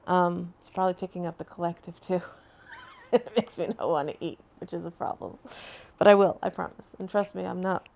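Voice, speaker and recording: Woman, live stream host, casual chat from home, rambling, answers viewer comments, laughs often, gravelly voice. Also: fairly low pitch, fairly quick, a little mellow, slight background noise. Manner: laughs often between phrases.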